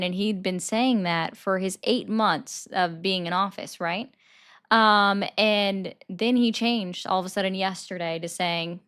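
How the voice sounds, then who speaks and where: Speaking a little slowly in a smooth, medium-pitched voice with a fairly bright tone, a woman takes calls on her livestream. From her bedroom, on a desk mic, she chats about politics and responds to viewer comments.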